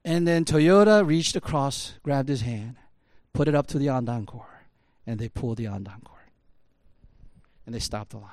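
His voice sits on the high side with big pitch swings, and he speaks at a moderate pace. In a dry recording, he casually tells a story full of "like" and "you know," working up to emphatic outbursts.

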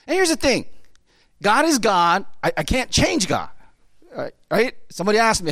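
A man's voice: sits high, sing-song, normal speed, fairly bright tone, no echo, clean studio sound. A middle-aged man preaching a sermon in a loose, conversational way, often checking in with "right?". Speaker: pastor.

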